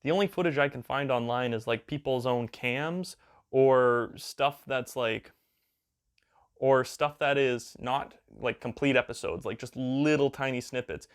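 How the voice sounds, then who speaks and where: A man's voice: mid-range voice, measured pace, clear, resonant tone. A man, rambling in a casual, crude and joking way as a video creator, with lots of fillers and playful exaggeration.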